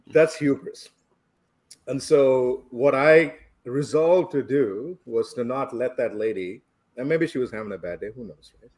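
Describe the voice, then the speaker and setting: A man's voice: medium pitch, darkish tone. A man from India, reflectively telling a personal story as a podcast guest and chuckling along the way. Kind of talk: casual storytelling.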